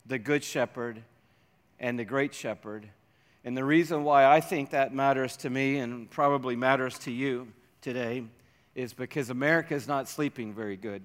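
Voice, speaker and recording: A man preaching a sermon as a pastor, slowing down and dropping almost to a hush to stress his points. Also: fairly high pitch. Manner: slows down and drops to near-whispers for emphasis. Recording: reverberant hall.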